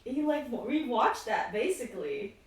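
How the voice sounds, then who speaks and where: A woman's voice: on the high side, very animated, normal speed, a crowd in the background. A woman player chatting casually during a tabletop game, reacting with slang. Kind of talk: casual chat. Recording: echoey room with background noise.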